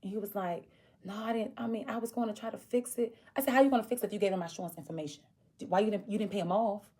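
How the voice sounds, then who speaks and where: A woman's voice: racing, slightly rough. A woman vlogger tells a personal story in a casual way, acting out the people she quotes. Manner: animated, acts out quoted voices with big pitch jumps.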